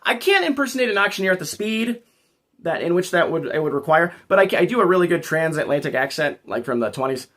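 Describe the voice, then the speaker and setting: A man's voice: on the high side, lively intonation, fast, fairly bright tone. A man hosting a casual livestream, rambling and joking as he talks back to his chat. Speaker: livestream host.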